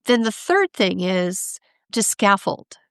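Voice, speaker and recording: A woman speaking as an expert guest in a conversational interview, animated, acting out parents and kids, often asking "right?". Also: medium pitch, slow pace, clean tone, no room sound, clean studio sound. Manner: animated, acts out parents and kids in quoted voices; frequent laughs and "right?" tags.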